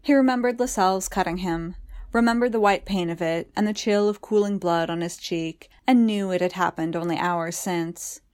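A woman with a lowish voice reading fiction aloud. She narrates in a measured, even manner, steady and unhurried in the style of an audiobook.

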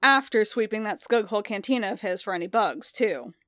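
A woman voicing a gruff, steady male bounty hunter who speaks in dry, even tones, read aloud from a story. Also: medium pitch, a little fast, no room sound, lightly acted.

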